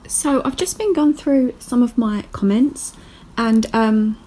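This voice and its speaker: A woman's voice: on the high side, slow, warm tone, poor audio. A woman talking through her day in a chatty, rambling vlog diary with self-mocking asides. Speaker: vlogger.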